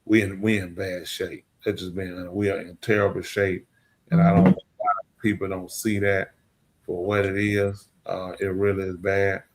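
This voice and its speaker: A man's voice: low-pitched, flat delivery, moderate pace. A man hosting a podcast in casual chat, rambling and lamenting, repeating himself in drawling, slangy speech. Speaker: podcast host.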